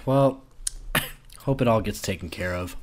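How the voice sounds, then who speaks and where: A man's voice: lowish voice, unhurried, background noise. A man co-hosting a casual film podcast, joking around and reading out listener questions between laughs. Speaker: podcast co-host.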